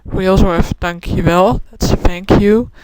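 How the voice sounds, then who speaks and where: A woman casually explaining Dutch words in a vlog, pausing often with ums and restarts. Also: mid-range voice, fairly even intonation, smooth, no echo, rough recording. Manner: hesitant, many ums and restarts. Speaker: vlogger. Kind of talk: casual talk to camera about Dutch words. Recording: loud background noise.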